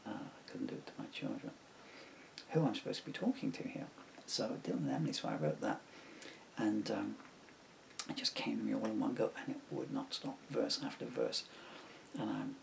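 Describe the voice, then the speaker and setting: Older man, gravelly low voice, rambling on-camera reminiscence with faint hiss behind. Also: rough recording. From England. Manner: meandering, full of fillers and asides. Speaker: songwriter talking to camera. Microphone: camera mic.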